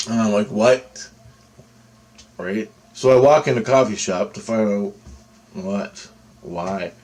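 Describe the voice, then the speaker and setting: This vlogger recounts his own experiences in a low, unhurried male voice. He rambles casually, restarting sentences and using fillers, and animatedly acts out the lines other people said.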